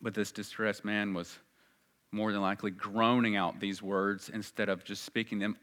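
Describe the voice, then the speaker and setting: Earnest bright-voiced male preacher. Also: flat delivery, normal speed. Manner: earnest, swells loud and high at emphatic moments. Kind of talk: sermon.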